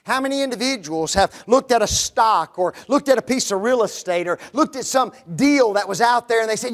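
A male preacher with an unusually high voice delivers a sermon, asking the congregation rhetorical questions. He swings between raised emphasis and hushed, low asides. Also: expressive, moderate pace. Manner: rhetorical questions, dramatic drops to quiet.

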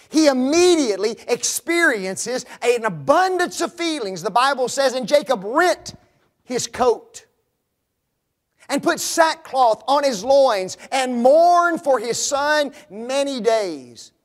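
A male preacher with an unusually high voice delivers a sermon, asking the congregation rhetorical questions. He swings between raised emphasis and hushed, low asides. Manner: rhetorical questions, dramatic drops to quiet.

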